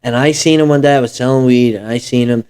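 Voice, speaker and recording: A man's voice: mid-range voice, steady tone, fast talker, darkish tone, clean tone. A young man in his twenties hosting a podcast, telling profane, rambling anecdotes in casual chat. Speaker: podcast host.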